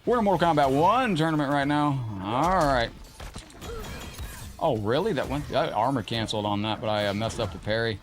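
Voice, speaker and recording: A man's voice: medium pitch, expressive, moderate pace, faint music behind. Casual man streaming a fighting game. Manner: casual, chatty, greets viewers mid-match. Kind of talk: live gameplay commentary and chat.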